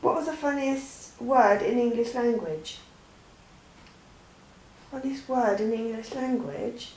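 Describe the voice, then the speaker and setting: A chatty woman who rambles through her answers and keeps stopping to restart. Her voice sits a bit high and echoes in a bare room. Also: slow pace, darkish tone, a little hiss or hum. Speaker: vlogger. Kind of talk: casual Q&A chat.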